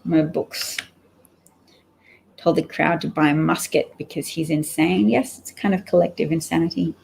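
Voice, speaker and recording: A woman's voice: low-pitched, fairly even intonation, normal speed, gravelly, darkish tone, rough recording. A woman giving rambling, wry solo commentary on the news, reading out quotes and sounding sleepy. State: sleepy, yawning. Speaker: political commentator.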